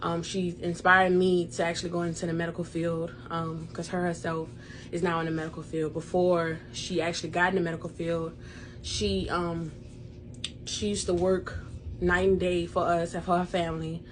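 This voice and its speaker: A woman's voice: fairly low pitch, level tone, normal speed, a little hiss or hum. A young woman reading a mock scholarship thank-you speech in an earnest tone, with many "um"s. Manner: earnest tone, filler "um"s. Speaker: daughter pranking her mother.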